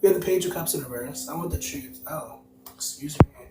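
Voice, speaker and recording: A man's voice: a little high, a little fast. Chatty man reading tarot on livestream. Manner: rambling, chatty, answers viewer comments aloud. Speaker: tarot card reader, livestream host. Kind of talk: casual livestream chat. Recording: roomy, distant mic, music behind. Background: music playing.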